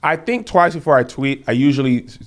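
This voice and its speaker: A man's voice: medium pitch, animated, a little fast. A man co-hosting a podcast in casual chat, talking things through carefully with frequent restarts. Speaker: podcast co-host.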